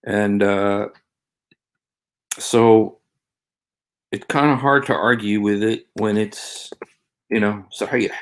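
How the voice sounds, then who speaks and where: A man hosting a casual livestream in a low, gravelly voice. He rambles and halts, filling his pauses with restarts and fillers. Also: steady tone. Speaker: livestream host.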